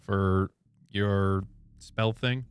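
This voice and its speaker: A man's voice: on the low side, steady tone, drawn-out words, clear, resonant tone, no room sound. Laid-back male game master. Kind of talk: running a tabletop game.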